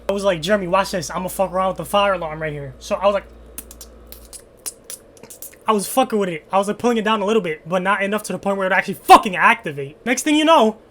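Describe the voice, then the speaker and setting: Animated, foul-mouthed young man telling a story. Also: high voice. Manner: animated, profane, dramatic storytelling. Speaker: YouTuber answering fan questions. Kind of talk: casual story time.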